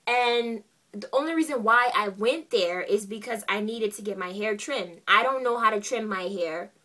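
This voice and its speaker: A young woman vlogger telling a story in a casual, animated and exasperated way, full of "like"s and acted-out quotes. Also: mid-range voice, normal speed, recorded from a distance.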